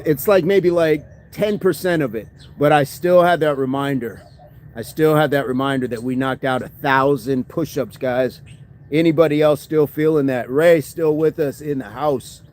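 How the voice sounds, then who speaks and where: A man's voice: fairly high pitch, a little mellow. A man hosting a fitness livestream, chatting casually and answering viewer comments, often agreeing with "absolutely".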